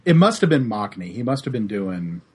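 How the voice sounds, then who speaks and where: A man's voice: on the low side, big pitch swings, brisk, darkish tone, slightly rough. A man co-hosting a casual podcast, retelling scenes in a dry, wry way. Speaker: podcast co-host. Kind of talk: casual chat.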